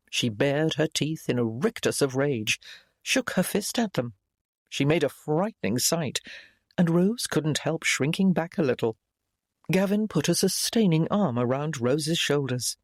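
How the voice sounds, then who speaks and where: A man narrating a romance audiobook in an expressive storytelling manner. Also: a little high, unhurried, no echo, studio quality. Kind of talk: scripted narration.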